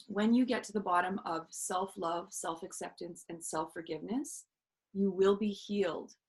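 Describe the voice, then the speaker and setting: A woman's voice: fairly low pitch, low-quality recording. A woman in her thirties, a self-love coach, telling her personal story in an interview in an earnest, reflective way, with many fillers and restarts.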